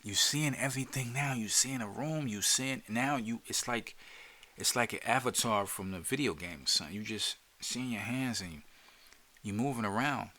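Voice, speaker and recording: Jersey-accented male podcast host, bright voice, streetwise coaching that slips into whispers. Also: medium pitch, moderate pace. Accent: New Jersey. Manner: loose and streetwise, repeats words, drops into whispers. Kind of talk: casual guided instruction.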